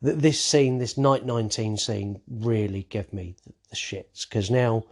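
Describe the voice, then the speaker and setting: In a lowish, somewhat mellow voice and at a slightly slow pace, a podcast host chats through a horror movie recap. He swears freely, plays out the characters' dialogue, and his talk is full of fillers and restarts.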